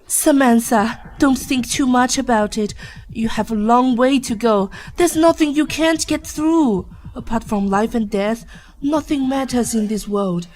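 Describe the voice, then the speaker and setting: A woman's voice: a little high, a little slow, darkish tone, lightly acted, rough recording. A woman voicing an anxious middle-aged mother who pleads with her grown daughter in a dubbed drama. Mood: pleading. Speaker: worried mother.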